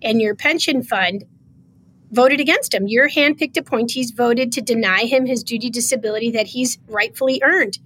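A woman's voice: on the high side, normal speed, slight background noise. A woman guest on a podcast, emotional as she tells a story in conversation and acts out the quoted lines. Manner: animated, acts out quoted dialogue. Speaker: podcast guest, state official.

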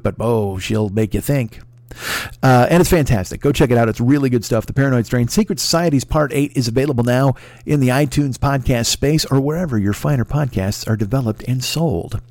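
A man hosting a comedy podcast, rambling and swearing, with sudden loud excitable outbursts. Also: mid-range voice, no echo. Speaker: podcast host. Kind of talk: profane comedic podcast monologue.

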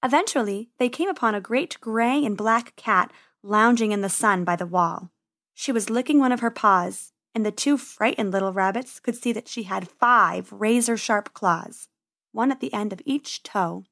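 A woman narrating a children's storybook in a gentle, expressive read-aloud manner. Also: mid-range voice, moderate pace.

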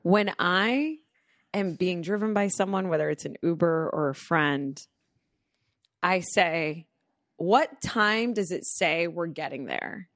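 A young woman with a fairly low voice co-hosts a casual podcast. She talks quickly and animatedly, scattering fillers through her stories. The recording is dry and close, with no room sound. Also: no room sound. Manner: animated, talks fast with lots of likes. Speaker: podcast co-host. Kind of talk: casual chat.

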